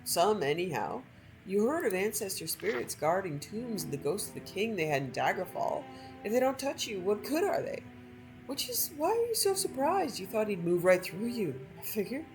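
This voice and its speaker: A woman voicing a calm, matter-of-fact male adventurer who reassures and teases his companion while reading a game story aloud. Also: mid-range voice, moderate pace, over music, voice pushed up, low-quality recording. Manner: dry, reassuring, slightly teasing.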